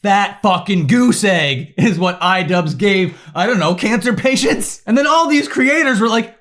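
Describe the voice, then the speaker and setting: A man delivering a heated, sarcastic commentary rant, swearing often and breaking into shouts. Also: high voice, animated, moderate pace, few pauses. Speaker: commentary YouTuber. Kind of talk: ranting commentary.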